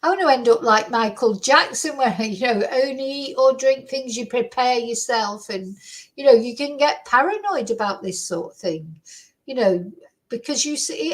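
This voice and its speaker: A woman with a fairly high voice rambles casually about true crime for her channel's viewers. She's recorded at her desk on a computer microphone, the quality low, and she keeps dropping in "you know" and tag questions.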